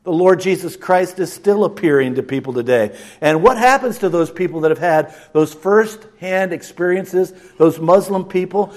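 High-voiced man preaching a sermon. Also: lively intonation, moderate pace, few pauses. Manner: dynamic preaching, swinging from hushed to loud. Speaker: pastor.

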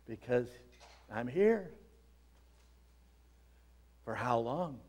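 A man preaching a sermon, reading scripture aloud and explaining it, dropping low and quiet and then building to dramatic shouted peaks. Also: very animated, drawn-out words.

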